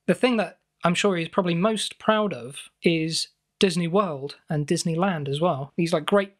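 A man's voice: on the high side, moderate pace, a bit bright. A young man from southwest England co-hosting a comedy podcast, spinning absurd stories in a faux-earnest tone. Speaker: podcast co-host. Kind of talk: improvised comedy podcast banter.

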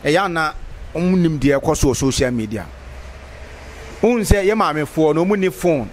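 A man with a notably high voice, chatting in a loose, conversational way during a street interview. He stops and restarts as he goes, over faint background noise. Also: lively intonation, normal speed.

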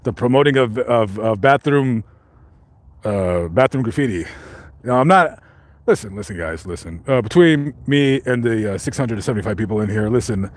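A man's voice: fairly low pitch, animated, normal speed. A man hosting a live stream, reading out viewer comments and joking in a rambling way with many fillers and restarts.

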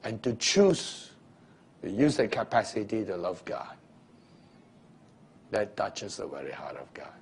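A man's voice: medium pitch, lively intonation, normal speed. A man preaching a sermon and telling stories, acting out the scenes, with loose grammar. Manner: storytelling, acting out scenes with shifting voices; loose non-standard grammar.

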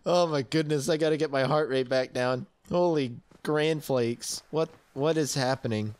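A man's voice: mid-range voice, moderate pace, smooth, no echo. A young man in his twenties narrating his own gameplay casually, easily startled and prone to yelps and shrieks. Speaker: let's play gamer.

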